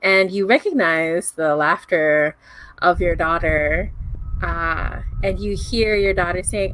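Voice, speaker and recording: A woman running a tabletop game as game master, lively and quick to laugh, speaking into an online call mic. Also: fairly low pitch, slight background noise.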